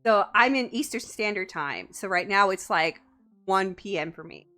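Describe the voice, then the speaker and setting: A woman's voice: medium pitch, expressive, normal speed, sharp tone, faint music behind. A woman from the United States, a VTuber streamer, chatting casually and playfully, teasing and giggling often. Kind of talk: casual live-stream chat.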